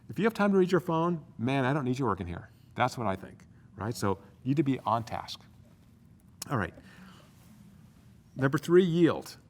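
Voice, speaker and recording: An energetic man lectures at speed to a university audience on business. He keeps throwing in quick asides and rhetorical questions, and his pitch sits in an ordinary middle range for a man. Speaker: guest speaker.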